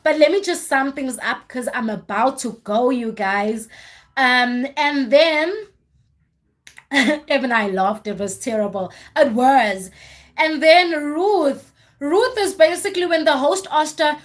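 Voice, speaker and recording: A woman hosting a livestream, recapping a reality show in casual chat with animated, exasperated storytelling. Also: high-pitched, unhurried. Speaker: livestream host.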